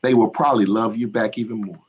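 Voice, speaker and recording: A man's voice: on the low side, steady tone, fast, darkish tone, breathy edge, dull audio. A man speaking as a guest educator on a podcast, earnest and encouraging. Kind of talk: casual podcast talk.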